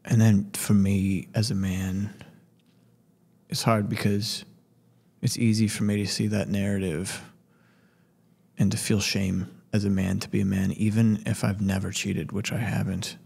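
A man co-hosting a podcast, talking in a slow, gentle, reflective way. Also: on the low side, level tone, vocal fry, slightly rough. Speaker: podcast co-host. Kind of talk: casual chat.

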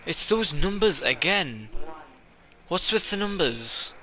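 A young man giving excitable let's-play commentary, jokey and chatty, talking back to the characters on screen. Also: high-pitched, slow pace. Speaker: gaming YouTuber.

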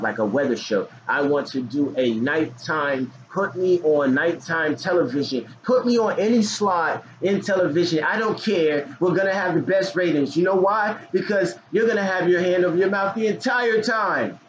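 A man's voice: on the high side, normal speed, few pauses. A man casually talking about forex trading in a loose, joking, slangy way with hyped outbursts. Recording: dull lo-fi recording with faint noise.

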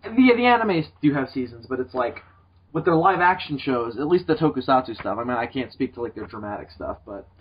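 A man's voice: mid-range voice, lively intonation, a little fast, husky. A young man hosting a podcast in casual chat, rambling and swearing often. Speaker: podcast host. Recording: dull lo-fi podcast audio.

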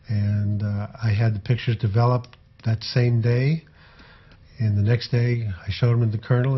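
An older man, a former tour photographer, recalling his memories in an unhurried, rambling way with frequent fillers. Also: mid-range voice, husky, dull audio. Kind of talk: conversational anecdotal storytelling.

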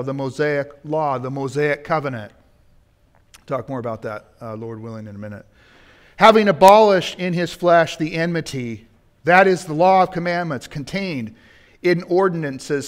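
A man preaching a sermon in a church, building to emphatic points and turning to the congregation with asides. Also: on the high side. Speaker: pastor. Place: church sanctuary.

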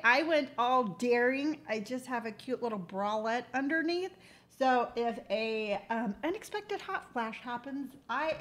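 A woman in her sixties hosts a relaxed live chat. Her voice sits high, and she talks in a lively, storytelling way, jumping from detail to detail. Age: 60s. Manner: chatty, animated storyteller. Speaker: livestream host. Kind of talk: casual chat.

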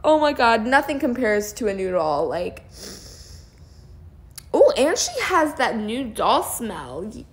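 Young woman vlogger, high and very lively voice, gushing and slangy, unhurried delivery; home unboxing video. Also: slightly rough. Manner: gushing, squealing with excitement, slangy. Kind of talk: casual unboxing vlog.

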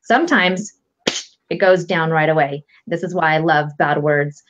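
Calm woman coach, low voice, lo-fi sound. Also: moderate pace, a little hiss or hum. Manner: calm, patient, explains step by step. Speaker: guest EFT coach. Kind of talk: instructional explanation. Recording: lo-fi dull audio.

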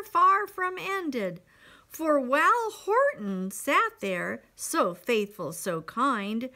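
A woman's voice: high voice, sharp tone. A woman teacher reading a picture book aloud to young children, expressively, with asides to them.

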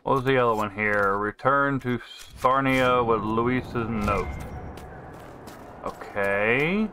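A man's voice: mid-range voice, takes it slowly, bright, forceful tone, slight background noise. A man casually commentating his gameplay, thinking aloud in a laid-back way. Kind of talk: casual let's-play commentary.

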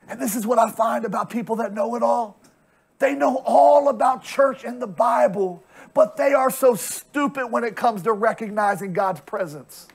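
A man preaching a lively sermon as pastor, conversational and funny, acting out characters and building to shouts. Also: very high voice, normal speed, vocal fry, breathy edge. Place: church sanctuary.

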